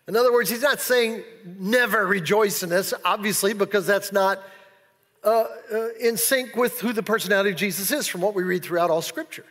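A high, bright male pastor preaching in a big church, lively and playful as he acts out whoops and asides. His voice rings with a long hall reverb. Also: brisk. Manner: animated, playful preaching with acted-out exclamations. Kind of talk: sermon.

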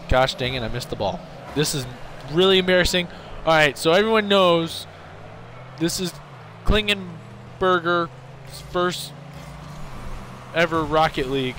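A young man streaming a game, shouting excited commentary and bossy coaching at his teammate. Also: a little high, slight background noise. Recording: game music behind.

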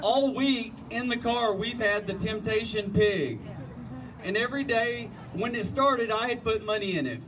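A man's voice: sits high, lively intonation, measured pace. A man hosting a contest, announcing a prize draw and explaining the rules in a folksy, step-by-step way. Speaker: contest host. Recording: distant mic, noisy outdoor event.

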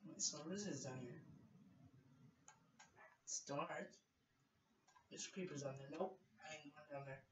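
A man's voice: a little high, a little slow, long pauses. A man giving gameplay commentary, talking to himself in jumpy, nervous bursts, often repeating phrases and calling out to viewers. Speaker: gameplay video creator. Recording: distant, roomy, dull lo-fi mic with faint hiss.

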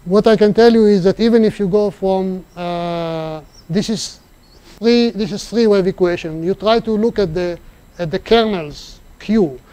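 Guy presenting at a math seminar, highish soft voice, lots of restarts. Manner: halting, thinking aloud with restarts. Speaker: seminar speaker. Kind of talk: mathematics seminar lecture. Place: seminar room.

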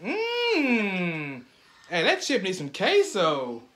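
A man's voice: high-pitched, wildly swooping pitch, extremely slow, crowd noise. A man, a father hosting his family's vlog, hyping up viewers and teasing his son in casual commentary. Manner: hyped, teasing, calling out to viewers. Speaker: channel host and father.

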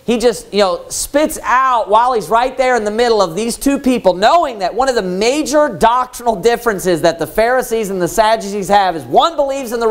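Male preacher, Baptist sermon, high voice, lively melody, rhetorical questions. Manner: animated storytelling with rhetorical questions. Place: church.

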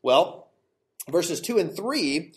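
A man with a slightly high voice teaches a verse-by-verse sermon. He walks his congregation through the text patiently, asking rhetorical questions and correcting his own slips as he goes. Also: lively intonation, extremely slow. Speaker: pastor. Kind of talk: expository sermon. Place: church sanctuary.

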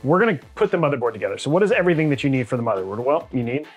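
A man hosting a hands-on tutorial, explaining each step in an energetic, chatty way with fillers and quick asides. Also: medium pitch, breathy edge, faint music behind. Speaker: tech channel host.

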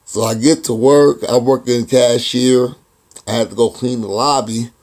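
A man's voice: medium pitch, fairly even intonation, normal speed, darkish tone. A man vlogging, telling a personal story in a rambling, casual way, often chuckling and restarting his sentences.

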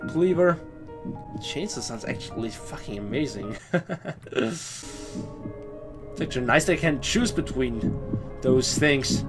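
A young man commentates a horror game as a let's play host, reading lines aloud and reacting loudly when scared. His pitch swings widely from muttered asides to excited yells. Faint music plays underneath. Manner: animated, shouts and swears when scared. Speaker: gaming YouTuber.

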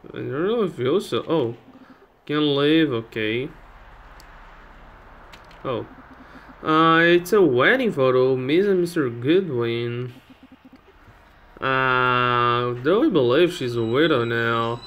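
A man's voice: mid-range voice, animated, slow pace, pauses often, a bit bright, dull audio, a little hiss or hum. A man giving casual, joking commentary while playing a game, chatting to viewers and laughing at it. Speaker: gameplay channel host. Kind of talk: casual let's-play commentary.

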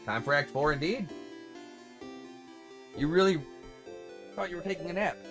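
A man voicing a gentle young woman companion who speaks softly and kindly with concern. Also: a little high, moderate pace, over music, natural voice. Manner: soft, kind and concerned.

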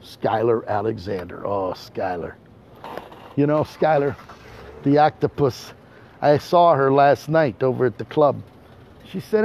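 A man's voice: mid-range voice, measured pace, pauses often, darkish tone. A man giving a boat tour, talking in a brash, teasing monologue straight to the listener and repeating himself for effect. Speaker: tour guide. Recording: dull boat recording with motor noise.

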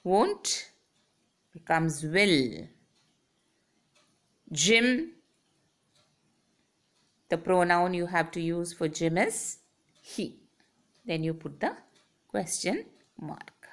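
A woman's voice: on the low side, sing-song, extremely slow, long pauses. A woman lecturing on English grammar, explaining step by step and drawing out her example sentences. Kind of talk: slow, deliberate grammar lesson.

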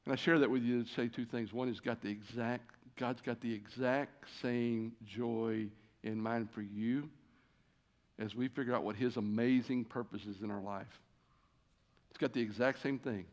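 A man delivers a storytelling sermon in a church sanctuary, his voice sitting at an ordinary middle pitch. He preaches as a guest speaker and talks animatedly, acting out the people in his story. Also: normal speed. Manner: animated, acts out quoted conversations.

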